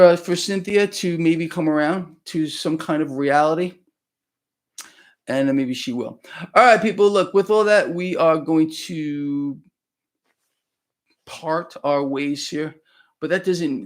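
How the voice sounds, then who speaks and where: A man's voice: fairly high pitch, moderate pace. A man hosting a live stream, talking emphatically and preachily and often checking in with "okay?". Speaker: livestream host. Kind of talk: casual live-stream talk.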